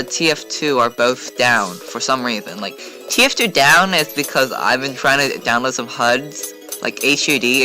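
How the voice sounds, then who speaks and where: Over his own gameplay footage, a male gaming channel host chats casually, rambling and leaning heavily on fillers. His voice is mid-range, pushed and bright.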